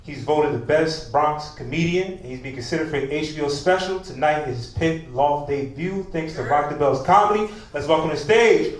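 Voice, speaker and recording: A man's voice: a little high, a little fast, hardly any pauses. A man emceeing a live show, hyping the crowd and introducing the next comedian. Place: loft comedy venue, indoors. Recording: roomy, distant mic, background noise.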